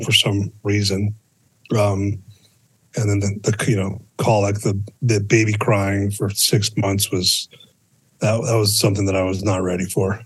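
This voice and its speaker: Low, husky-voiced man telling a story. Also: rough recording. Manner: halting, matter-of-fact storytelling with frequent restarts. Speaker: podcast guest. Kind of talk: casual podcast interview.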